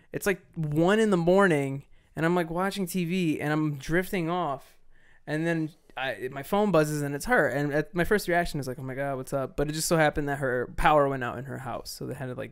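A young man on a casual podcast, telling stories in an animated way and swearing freely. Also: a little high, brisk, smooth. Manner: animated, swearing, acts out quotes. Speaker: podcast co-host. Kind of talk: casual chat, storytelling.

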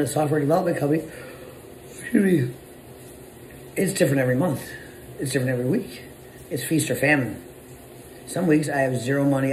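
A man of mid-range pitch talks like a business owner, blunt and profane, and keeps it conversational. His voice bounces around a roomy, echoing space with a faint hiss behind it. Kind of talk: casual motivational monologue.

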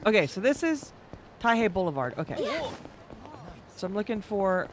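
A man streaming a video game, giving casual, excitable commentary that swears a lot and shouts sound effects during fights. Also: high-pitched, normal speed, slight background noise.

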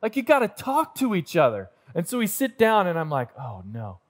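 High-voiced pastor telling a story. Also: male voice, fairly quick. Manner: self-deprecating, animated storyteller acting out scenes. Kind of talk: sermon storytelling. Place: church auditorium.

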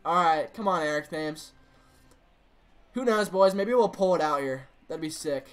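A man's voice: fairly high pitch, measured pace. A young man streaming a baseball video game, commenting casually on his play and reacting to the game and his chat. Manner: excitable, talks to the game and chat, frustrated outbursts. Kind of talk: live gameplay commentary.

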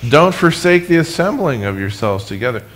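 A man preaching a sermon as pastor, animated, with humorous asides, speaking to his congregation and online viewers. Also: on the high side, normal speed, a little hiss or hum. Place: church sanctuary, recorded for live stream.

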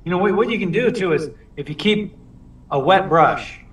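A man's voice: high-pitched, moderate pace, distant mic. A man leading a live watercolor lesson, talking casually with lots of restarts as he paints. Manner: relaxed, chatty, lots of restarts. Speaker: watercolor instructor. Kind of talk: live painting demonstration with chat. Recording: roomy sound from off mic.

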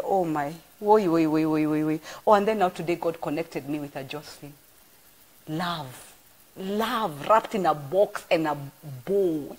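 Husky, low-pitched woman pastor; expressive, storytelling sermon delivery. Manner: animated storyteller with exclamations. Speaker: church apostle. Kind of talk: informal live-streamed sermon.

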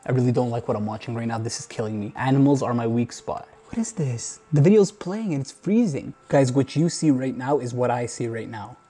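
A man talks his viewers through strange videos on an old computer, uneasy and exclaiming as he watches. His voice is husky and mellow, with a breathy edge. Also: mid-range voice, expressive, a little fast, few pauses. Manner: uneasy, nervous commentary with gasps and exclamations. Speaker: YouTuber. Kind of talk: reacting to found footage on camera. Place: indoors at a computer.

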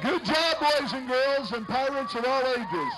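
High, jokey male parade announcer. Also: measured pace, a crowd in the background. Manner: jokey, upbeat emcee, often shouting cheers. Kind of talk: live event announcing. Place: outdoors at a street parade. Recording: noisy outdoor parade recording.

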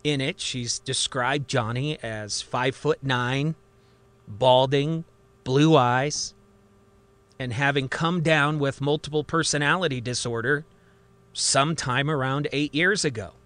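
A man narrating a story in a conversational, lively retelling. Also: medium pitch, unhurried.

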